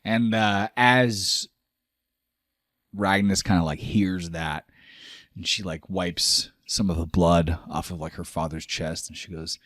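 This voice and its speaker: A man runs a tabletop fantasy game, describing scenes in a loose, rambling style. His voice sits low, and the sound is dry. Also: fairly even intonation, measured pace, a bit bright, no echo. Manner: loose, filler-heavy narration. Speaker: game master.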